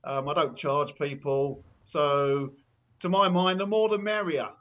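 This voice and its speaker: A man's voice: a little high, fairly even intonation, measured pace, a bit bright, dull audio. A man from the United Kingdom, a sumo wrestler and coach, talking earnestly and modestly as a guest in a casual interview.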